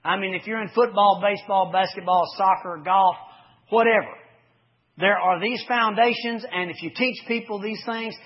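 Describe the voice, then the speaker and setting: A man preaching a folksy sermon, swinging from loud to hushed as he tells sports stories. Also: high-pitched, normal speed, slightly rough. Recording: dull lo-fi recording.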